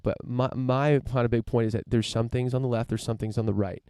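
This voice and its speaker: A man's voice: mid-range voice, fairly even intonation, brisk, warm tone, smooth, dry recording, clean studio sound. A podcast host from the United States, a man riffing through a casual opinion monologue, rambling with lots of fillers, restarts and casual swearing.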